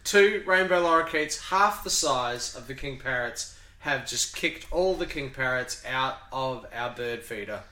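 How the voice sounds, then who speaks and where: A man's voice: medium pitch, animated, a little slow, sharp tone. An Australian man co-hosting a podcast at home in casual, playful chat. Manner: playful, repeats words for laughs. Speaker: podcast co-host. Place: home with a veranda. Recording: echoey home room.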